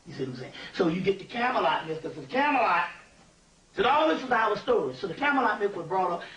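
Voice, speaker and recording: A man giving an informal spiritual lecture, animated and digressive, often checking that listeners follow. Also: sits high, quick pace. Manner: animated, digressive, keeps asking "you see what I'm saying". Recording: echoey room, distant mic, faint ambient noise.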